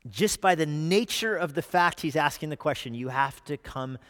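A pastor with a fairly high male voice delivers an animated sermon in a church sanctuary. His voice jumps up sharply when he acts out frantic pleas, then drops back to a conversational tone. The sound carries a long hall reverb. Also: moderate pace. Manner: animated, voice leaping up when quoting cries.

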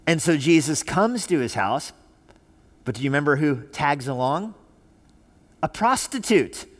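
Pastor guy preaching sunday sermon, kinda high voice, stacks up repeated lines for emphasis. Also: sing-song, unhurried. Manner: preaching with rising emphasis and repetition. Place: church sanctuary.

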